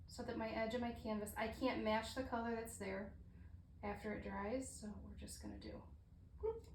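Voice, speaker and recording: A woman's voice: a little high, steady tone, normal speed, darkish tone. A woman demonstrating fluid art, chatting casually and thinking aloud as she works, with apologetic asides. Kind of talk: casual painting tutorial. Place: roomy art studio. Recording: echoey room with faint ambient hiss.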